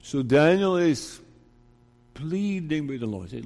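Slow, emphatic preacher in a reverberant hall. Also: male voice, fairly high pitch, expressive, darkish tone. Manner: deliberate, emphatic preaching with rhetorical questions. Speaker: pastor. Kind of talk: sermon. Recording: long reverb of a large hall.

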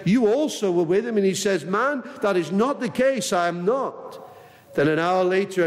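A man delivers an earnest sermon in a fairly high voice, leaning hard on key words and acting out quoted lines. His voice rings with the long reverb of a large hall. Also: a little mellow. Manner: earnest, emphatic, acts out Bible quotes. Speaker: preacher.

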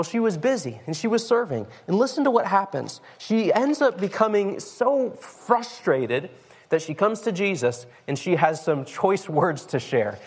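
Male pastor, slightly higher voice, chatty sermon with questions to the room. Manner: conversational, asks the congregation questions.

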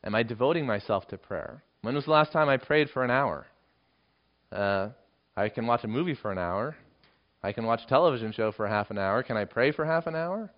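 Medium-pitched and fairly quick, this man preaches an expository Bible sermon with lively intonation. His manner is emphatic, and he rises dramatically when reading quoted lines. Dull, lo-fi audio.

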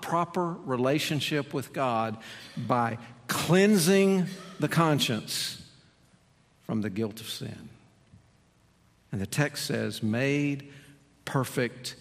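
A man preaching a sermon as pastor, earnest and building to emphatic, repeated appeals. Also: mid-range voice. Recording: long reverb in a large hall.

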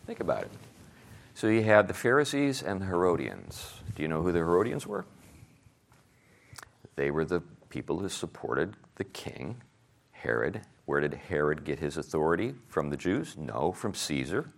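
A man teaching a Sunday school class, animated, asking his listeners rhetorical questions and chuckling at his own jokes. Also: deep voice, moderate pace, vocal fry.

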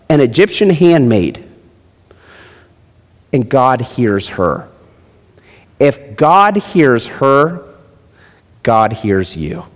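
Animated middle-aged male preacher in a reverberant hall. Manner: animated preaching, swinging between loud high emphasis and low quiet drops. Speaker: pastor. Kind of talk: sermon.

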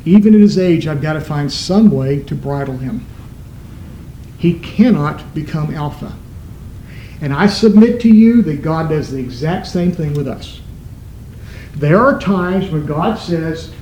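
A man preaching a sermon as pastor, stressing words with emphatic shifts in pitch. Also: expressive, unhurried, mellow, reverberant, muffled recording, slight background noise.

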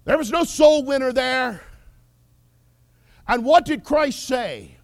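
A male preacher delivers a sermon in a measured, unhurried cadence. His voice is high and swoops widely, rising to loud declarations and falling to near whispers. The sound is dry and close. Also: lively intonation, no echo. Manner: impassioned, swings from loud declarations to hushed whispers.

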